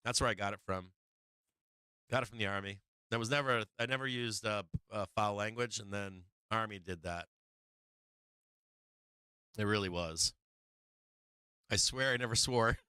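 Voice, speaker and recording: A man's voice: lowish voice, normal speed, long pauses, sharp tone, clean tone, dry recording. A man from Boston hosting a live market stream, rambling in casual chat and laughing often at himself. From Boston, USA. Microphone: streaming microphone on an arm.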